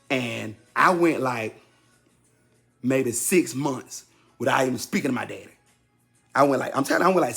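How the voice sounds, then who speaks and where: This man in his fifties has a creaky voice as he casually relates a personal story straight to his listeners. He's animated and repeats himself for effect, and his pitch and volume leap whenever he acts out someone's words.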